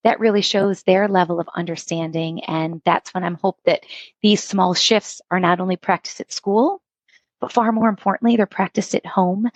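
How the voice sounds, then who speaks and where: A middle-aged woman who works as an instructional coach tells stories in a podcast interview, acting out the quoted dialogue with animated delivery. Her voice sits on the low side, and the recording is dry and dull.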